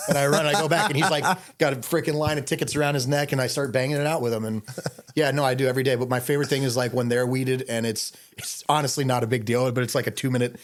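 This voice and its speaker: A man tells stories as a podcast guest in a quick, loose, rambling way, full of fillers. His pitch sits in an ordinary middle range. He keeps up a brisk pace throughout. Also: fairly even intonation. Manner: fast, rambling, with many fillers. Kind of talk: casual interview storytelling.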